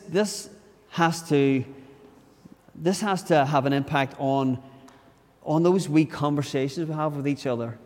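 A male preacher delivering a sermon in a church, his voice sitting a little higher than most men's. He talks earnestly and conversationally, with frequent restarts. The sound rings out with a long hall echo. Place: church during a service.

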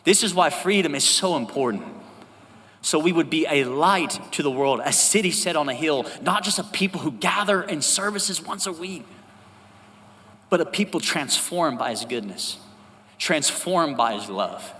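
A male pastor preaching a sermon, talking to the congregation in a lively, conversational way and often asking for an "Amen". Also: fairly high pitch, normal speed. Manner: conversational, animated, asks the congregation for responses. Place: church sanctuary. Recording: reverberant church hall with faint ambience.

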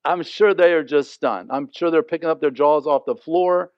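A man's voice: fairly high pitch, normal speed, no echo. A man teaching a Bible passage in an earnest, conversational way, often asking listeners to imagine the scene. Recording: dry, slightly dull lo-fi sound.

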